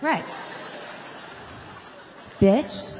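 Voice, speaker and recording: A woman from Long Island with a Long Island accent, a singer telling a comic anecdote to an audience, lively and self-mocking with chatty asides. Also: extremely slow, long reverb tail, a little hiss or hum. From Long Island, New York.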